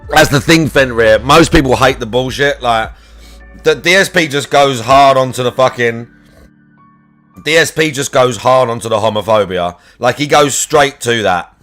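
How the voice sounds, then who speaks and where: A man's voice: medium pitch, a bit bright. A man chatting casually on a live stream, crude and sweary, teasing his cat and ranting between plays.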